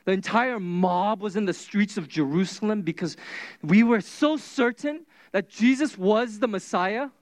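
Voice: medium pitch, unhurried, dry recording, lightly acted. Preacher playing a stunned traveler, like "are you serious", emphatic, sermon retelling. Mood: incredulous. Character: stunned traveler, disbelieving follower.

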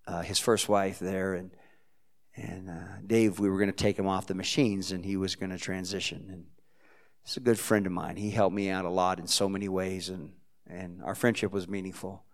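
A man from Texas, a pastor preaching a sermon, telling a story in a heartfelt way that swings from quiet to loud. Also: sits low, level tone, normal speed.

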